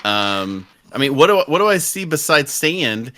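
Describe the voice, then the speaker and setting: A man's voice: mid-range voice, big pitch swings, moderate pace, pushed and bright. A man playing a tabletop game who asks curious questions about the scene. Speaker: player.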